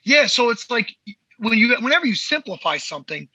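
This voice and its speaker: A man's voice: extremely high pitch, very animated, a little fast, sharp tone, breathy edge, no room sound, rough recording. A man hosting a podcast as a movement coach, talking in a blunt, heated and profane way. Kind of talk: casual podcast chat.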